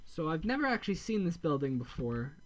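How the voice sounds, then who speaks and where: A man giving casual gameplay commentary, rambling and correcting himself, with deadpan dark jokes. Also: fairly high pitch, fairly quick, a little hiss or hum. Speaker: gameplay video host.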